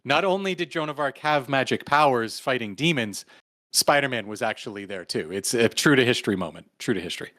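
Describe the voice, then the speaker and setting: A man's voice: mid-range voice, lively intonation, fairly quick, a bit bright, no room sound. A man in mid range chats casually as a podcast co-host, wandering through his thoughts with lots of "like" and "um". His voice sits close and dry, with no room sound around it. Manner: rambling, full of "like" and "um". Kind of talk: casual chat.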